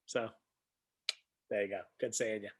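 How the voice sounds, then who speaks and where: A man's voice: lowish voice, fairly even intonation, measured pace. A man hosting a casual weekly live stream, rambling as he greets viewers by name and shares news. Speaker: host.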